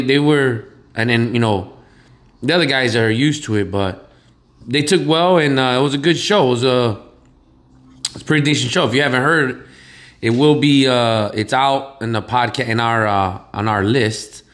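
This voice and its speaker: A man's voice: medium pitch, normal speed, fairly bright tone. A man co-hosting a casual podcast, joking loosely and rambling with lots of fillers. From Chicago area, USA. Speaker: podcast co-host. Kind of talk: casual chat.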